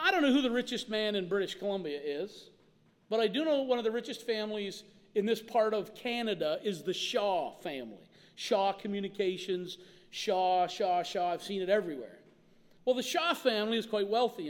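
A man with a strikingly high voice preaching a sermon, his words ringing through a reverberant church hall. He tells stories with animated flair and acts out the people he quotes. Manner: animated storytelling with acted-out quotes. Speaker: pastor.

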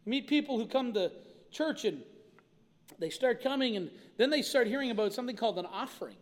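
High-voiced man preaching in a hall. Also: fairly quick. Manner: animated storytelling with acted-out quotes. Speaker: pastor. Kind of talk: sermon. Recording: reverberant hall.

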